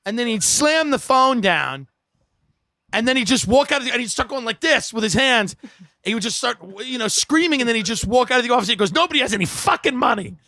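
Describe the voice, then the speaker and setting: High, bright-voiced man telling a wild story. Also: brisk, no echo. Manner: animated, profane, acts out shouting characters. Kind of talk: comedic storytelling.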